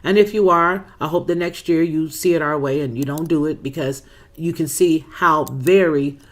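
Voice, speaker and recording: A woman's voice: sits low, moderate pace. A woman hosting a casual livestream, reading viewer comments aloud and greeting people by name in a chatty, folksy way. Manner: talks to viewers as girl, baby and boo-boo. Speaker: livestream host.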